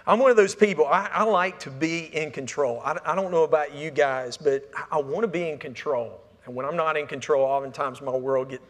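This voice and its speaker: A man's voice: on the high side, a little fast, few pauses. A male pastor preaching a conversational sermon, often repeating words and putting questions to the congregation. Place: church sanctuary. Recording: long reverb of a church hall.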